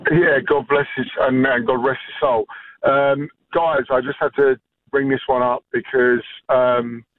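A man's voice: mid-range voice, steady tone, measured pace, slight background noise. Irish man in his thirties phoning in to radio, rambling delivery, phone-quality sound. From Ireland. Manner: rambling, many fillers. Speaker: caller. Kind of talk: phone-in anecdote. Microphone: phone line. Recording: tinny phone line.

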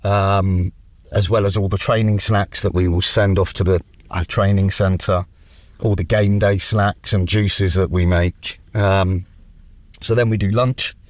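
Low-voiced man chatting at a distance. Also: a little slow, no room sound. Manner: chatty, relaxed, frequent ums. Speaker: club kitchen staff being interviewed. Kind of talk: casual interview chat.

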